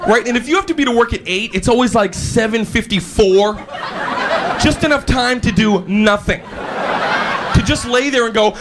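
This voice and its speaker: Hyper high-voiced male stand-up comic. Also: moderate pace, background noise. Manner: animated, hyper, bursts into shouting while acting out scenes. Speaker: stand-up comedian. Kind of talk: stand-up comedy. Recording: live show with crowd laughter.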